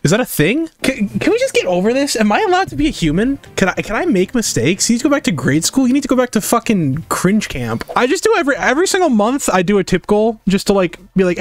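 A man's voice: sing-song, a little fast, no room sound. A young man chatting on a live art stream, joking, swearing and mocking himself and his chat. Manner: mocks chat in high squeaky voices. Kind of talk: casual livestream chat. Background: faint music.

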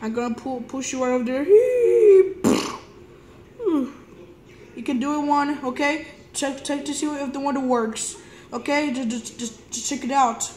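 A woman improvising a toy play story, stammering and repeating words as she jumps between excited squeals and soft, sleepy lines. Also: high-pitched, a little fast, roomy sound, a little hiss or hum, rough recording.

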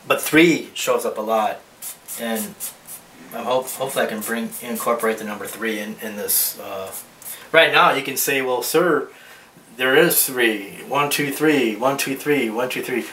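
Art teacher thinking aloud in a roomy echo. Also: male voice, mid-range voice, moderate pace, pushed and bright. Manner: thinking aloud, rambling with restarts. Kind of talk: drawing demonstration. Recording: roomy echo, mic at a distance, faint hiss.

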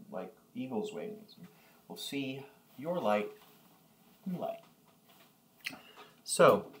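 Deep-voiced man leading prayers. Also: a little hiss or hum. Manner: unhurried, halting asides with fillers; clears throat often. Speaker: lay prayer leader. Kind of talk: reading and chanting a prayer service.

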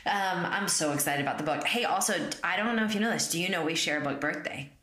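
A woman's voice: on the low side, fast, fairly bright tone. A woman hosting a podcast, chatting in an upbeat, encouraging way. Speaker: podcast host. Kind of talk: casual podcast conversation. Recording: echoey room.

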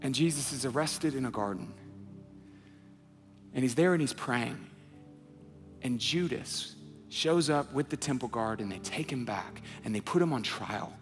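A man's voice: mid-range voice, lively intonation, a little slow, pauses often. Man preaching in an echoing hall. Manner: conversational, acts out quotes, builds to impassioned near-shouting. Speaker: pastor. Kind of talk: sermon. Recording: long hall reverb, soft music behind.

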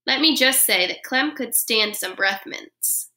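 A woman, a first grade teacher, reading a children's chapter book aloud with expressive storytelling. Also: on the high side, unhurried.

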